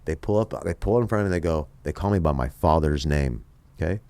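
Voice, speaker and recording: A man from Las Vegas with a deep voice, sitting in as a guest and spinning a tale in loose, casual talk. He swears a lot, gets animated and slips into other people's voices as he goes. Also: fast, no echo. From Las Vegas, USA. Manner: animated, profane, acts out other people's lines. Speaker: podcast guest. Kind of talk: casual storytelling.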